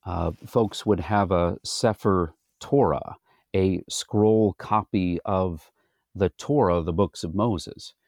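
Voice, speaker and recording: A man who is a pastor, teaching a Bible study in a deliberate, explanatory way. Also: low voice, darkish tone, no echo, clean studio sound.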